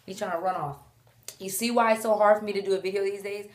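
Young mom vlogging at home w/ her baby on her lap, chatty and animated, turns to talk to the kid now and then. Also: mid-range voice, quick pace. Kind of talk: casual chat to camera while holding her baby. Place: at home indoors.

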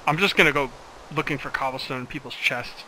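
A man's voice: medium pitch, quick pace, a crowd in the background, poor audio. A man hosting a let's play, chatting and joking as he plays. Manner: joking, rambling. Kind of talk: casual gaming chat.

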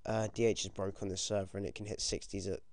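Teen British male gamer, excitable and foul-mouthed, clean dry sound. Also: lowish voice, fast talker, dry recording. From United Kingdom. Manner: excitable, swears a lot, yelps when things go wrong. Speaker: gaming commentator. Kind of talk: casual game commentary.

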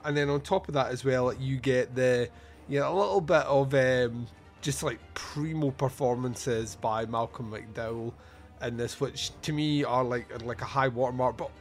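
Scottish host, forties, mid-pitched, laughs a lot retelling scenes, light music underneath. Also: male voice. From Scotland. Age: 40s. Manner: laughs often, recounts scenes with quick voiced quotes. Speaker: podcast host. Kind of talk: casual movie review chat.

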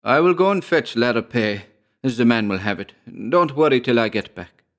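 A man's voice: mid-range voice, lively intonation, moderate pace, close to an everyday voice. A man voicing a stingy, indecisive peasant farmer who stammers and wheedles in a storybook reading. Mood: pleading.

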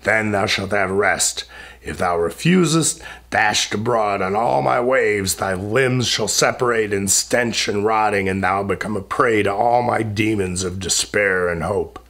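A man voicing a wrathful male sea demon in a slow, stern, declaiming delivery. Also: on the low side, a bit bright.

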